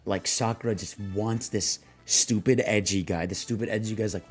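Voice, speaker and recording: A man's voice: on the low side, moderate pace, a little mellow, husky, faint music behind. Slangy young man streaming, rambling. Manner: rambling, laughing, slangy, voices quoted characters. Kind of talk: casual livestream chat, reading chat prompts.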